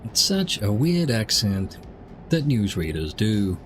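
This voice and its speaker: A man's voice: fairly low pitch, big pitch swings, takes it slowly, soft background music. A man giving casual, rambling commentary while streaming a driving game. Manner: rambling, chatty asides.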